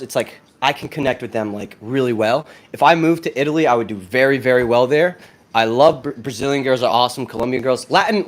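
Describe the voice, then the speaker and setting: A brash young American man talking casually into his phone, profane and excitable as he answers viewer questions. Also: mid-range voice. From United States. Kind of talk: casual vlog talk.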